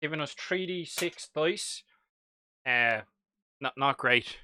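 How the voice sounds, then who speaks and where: A man's voice: a little high, slow, bright, forceful tone, a little hiss or hum. A young man with a Dublin accent, chatting casually and jokily while hosting a live hobby stream. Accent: Irish, Dublin. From Ireland. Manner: chatty, jokey, reads chat aloud.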